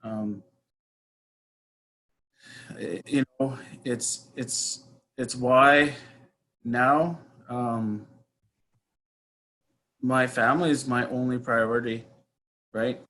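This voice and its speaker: A middle-aged man, an interview guest, reflecting on his past behaviour in a halting, hesitant way that often trails off softly. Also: mid-range voice, fairly even intonation, low-quality recording. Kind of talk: reflective personal account.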